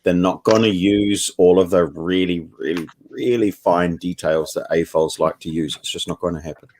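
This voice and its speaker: A man's voice: low voice, moderate pace, darkish tone, slight background noise. A man co-hosting a casual livestream over a video call, teasing with dry humor. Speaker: co-host.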